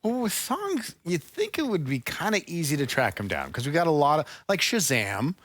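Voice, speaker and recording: A man co-hosting a chatty podcast, his pitch swinging freely as he jokes around. The sound is dry and close, with no room around him. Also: moderate pace, no room sound. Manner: joking, animated, plays with voices. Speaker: co-host. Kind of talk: casual podcast banter.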